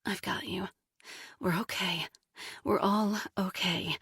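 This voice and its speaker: A tender, soothing woman murmuring comfort to her husband, as the narrator voices her. Her voice is soft, slow and breathy, recorded close and dry. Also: mid-range voice, steady tone, dry recording, full character voice. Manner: gentle, soothing.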